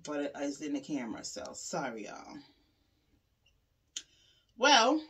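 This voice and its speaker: A young woman talks straight to camera in a loose, profane vlog rant. Her voice sits a little low, swinging between heated venting and hushed asides. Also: takes it slowly, slightly rough. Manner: frustrated venting, profane and animated, drops to quiet asides. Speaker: vlogger. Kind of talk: casual vlog talk to camera.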